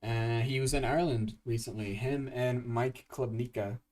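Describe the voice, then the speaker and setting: Young male streamer and composer, casual and scattered, swears freely, middle pitch, set back a bit from the mic. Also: moderate pace, distant mic. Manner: rambling, excitable, swears a lot, many restarts. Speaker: livestream host and game composer. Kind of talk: casual livestream chat.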